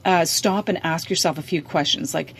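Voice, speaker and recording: A woman's voice: deep voice, moderate pace, creaky, husky. A woman giving practical advice on dementia caregiving, speaking hesitantly with frequent fillers and restarts. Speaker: dementia care advisor. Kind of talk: advice in a podcast conversation.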